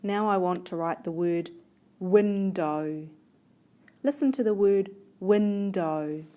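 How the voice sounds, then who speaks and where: A woman teaching a spelling lesson, slowly stretching words into syllables and sounding out each letter. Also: fairly low pitch, noisy background. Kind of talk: slow, deliberate classroom spelling lesson.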